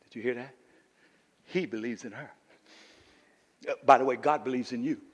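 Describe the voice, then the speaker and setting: A male pastor preaching a sermon, building to impassioned shouts and urging the congregation with "come on now.". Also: medium pitch, moderate pace, breathy edge. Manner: call-and-response "come on now". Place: church sanctuary. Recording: church hall reverb.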